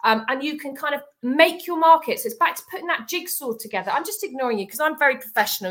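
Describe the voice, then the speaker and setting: A woman co-hosting a casual property-industry chat, talking freely with lots of fillers and quick laughs. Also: high-pitched, expressive, a bit bright. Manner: chatty, laughs easily, many fillers. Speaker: estate agency co-host.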